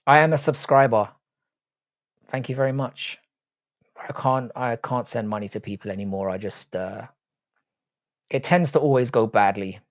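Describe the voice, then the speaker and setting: A man's voice: mid-range voice, moderate pace, pauses often, no room sound, clean studio sound. A man hosting a live stream in casual chat, swearing freely and bantering with his viewers.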